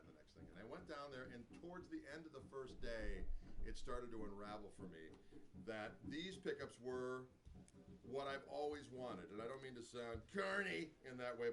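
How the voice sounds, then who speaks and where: A man's voice: mid-range voice, low-quality recording. A man casually telling a rambling story at a live guitar clinic, peppered with "you know". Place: music store clinic before an audience.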